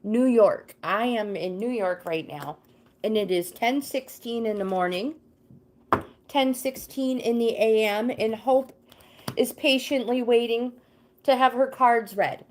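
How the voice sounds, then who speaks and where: A woman's voice: a little high, measured pace, slight background noise. A woman hosting a casual livestream, greeting viewers by name and reading tarot cards in a chatty, easily sidetracked way. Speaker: livestream host and tarot card reader.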